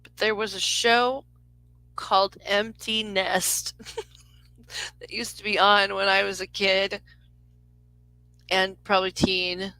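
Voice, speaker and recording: A woman's voice: mid-range voice, little pitch movement, slow pace, pauses often, sharp tone, dry recording, rough recording. Rambling woman giving a live psychic reading. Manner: rambling, self-interrupting, lots of fillers. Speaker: psychic reader. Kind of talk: live reading on a phone call.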